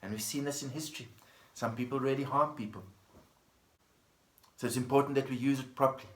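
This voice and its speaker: A man teaching a dharma talk as a Buddhist teacher, speaking gently in a storytelling manner and repeating plain phrases. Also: medium pitch, fairly even intonation, fairly quick. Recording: echoey room.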